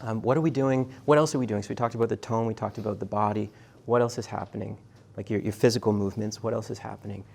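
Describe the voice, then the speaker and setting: Gravelly-voiced male lecturer, halting and casual. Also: lowish voice, fairly even intonation, darkish tone. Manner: halting, many restarts and fillers, conversational. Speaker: university lecturer. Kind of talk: classroom lecture with questions to students.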